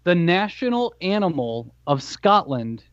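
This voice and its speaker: A man with a fairly high voice reading fun facts on a podcast. He is earnest but trips over his words. His sound is slightly dull and dry. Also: very animated, a little slow, no room sound. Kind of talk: casual podcast banter.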